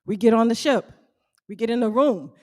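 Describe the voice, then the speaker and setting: High-voiced, animated woman speaker. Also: normal speed. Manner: animated, calls out questions to the audience. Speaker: small bakery owner speaking to fellow business owners. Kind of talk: motivational talk to a live audience.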